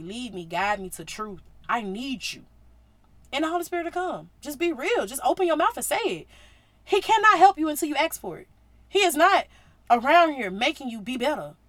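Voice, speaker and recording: A woman hosting a casual faith podcast, talking in slang and acting out Bible scenes with big jumps in loudness. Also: fairly high pitch, no echo. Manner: animated, slangy, acts out quotes with big swings in loudness. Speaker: podcast host.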